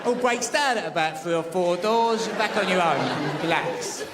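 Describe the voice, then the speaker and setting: A stand-up comedian, telling a brash, mock-panicked story on stage. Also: male voice, high-pitched, normal speed, over a noisy crowd. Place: live comedy venue with audience. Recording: loud audience laughter, noisy live room.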